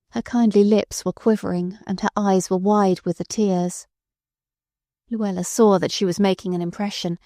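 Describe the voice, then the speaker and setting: A woman narrating an audiobook with expressive storytelling. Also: mid-range voice, dry recording, studio quality. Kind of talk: scripted narration.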